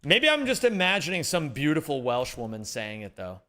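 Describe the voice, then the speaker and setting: A man's voice: on the high side, moderate pace. A young man livestreaming, chatting casually with his viewers in a rambling, jokey way. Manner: animated, rambling, jokey banter. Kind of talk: casual chat with viewers during a gaming stream.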